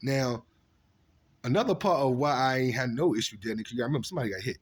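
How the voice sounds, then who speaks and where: A man casually telling stories from his past, animated and profane, acting out what people said. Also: mid-range voice, quick pace, slightly rough. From Virginia. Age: adult. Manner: animated, profane street storytelling with acted-out quotes. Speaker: storyteller recounting his past. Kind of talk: casual storytelling monologue.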